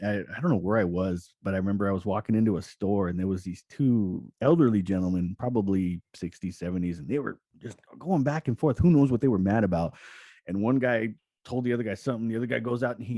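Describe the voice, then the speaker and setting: Animated, laughing male podcast host. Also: fast talker, dry recording. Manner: chuckling storyteller, animated swings in pitch when retelling. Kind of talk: casual gaming podcast chat.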